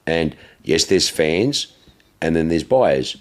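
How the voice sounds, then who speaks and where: A man's voice: very animated, slow pace. A man co-hosting a podcast, telling a story in casual chat with lots of swearing and restarts. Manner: swears freely, restarts, gets louder and higher as the story builds. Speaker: podcast co-host.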